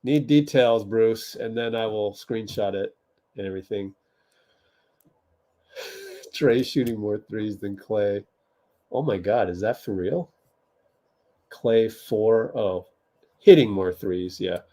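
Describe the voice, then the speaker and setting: A man's voice: on the low side, slow pace, pauses often, mellow. A man hosting a casual livestream watch party, chatting with viewers, laughing often and typing as he talks. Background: keyboard typing.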